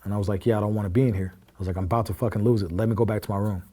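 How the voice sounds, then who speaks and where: A man's voice: fairly low pitch, steady tone, very fast, mellow. A man, a podcast guest, casually recounting a personal story and acting out the quoted dialogue in plain, blunt words. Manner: acts out quoted dialogue while recounting events; plain-spoken, with frequent fillers and curse words.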